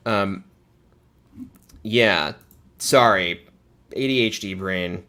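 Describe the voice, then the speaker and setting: A man's voice: on the low side, lively intonation, extremely slow, pauses often, pushed and bright. A man hosting a casual reaction stream, talking loosely, swearing and laughing often. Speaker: livestream host.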